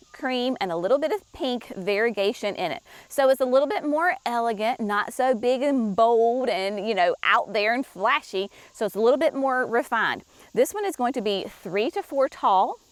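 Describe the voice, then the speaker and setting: A woman's voice: fairly high pitch, no echo. A woman presenting shrubs at a garden nursery, talking chattily and enthusiastically straight to her viewers. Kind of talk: casual product walkthrough for viewers.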